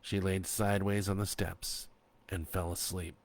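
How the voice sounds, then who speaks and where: A man narrating his own horror story in a slow, expressive reading. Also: low voice.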